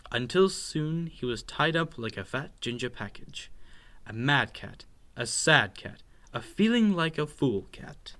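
A man reading a children's picture book aloud in an expressive, playful, sing-song way. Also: medium pitch. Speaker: storyteller.

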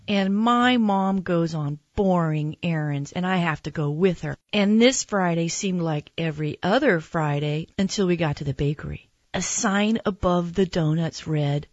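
Female storyteller, slow, lowish voice, gentle expressive read-aloud, dry close mic with a slightly dull sound. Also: no echo. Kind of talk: reading a children's picture book aloud.

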